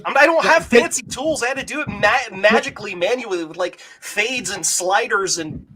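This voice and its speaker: Bright, high-voiced enthusiastic man. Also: moderate pace. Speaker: podcast co-host. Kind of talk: casual chat.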